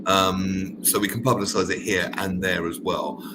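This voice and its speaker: A man's voice: sits low, fairly even intonation, moderate pace, heavy background noise. A man hosting a radio talk show, chatty and jokey, often tagging "right?" onto his sentences. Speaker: radio host. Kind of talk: casual radio chat.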